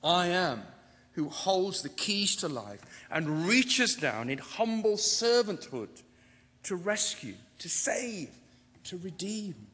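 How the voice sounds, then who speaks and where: A man's voice: sits high, big pitch swings, slow pace, a bit bright. Man preaching a sermon in a reverberant hall. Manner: dramatic, rising to emphatic declarations. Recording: long reverb of a large hall.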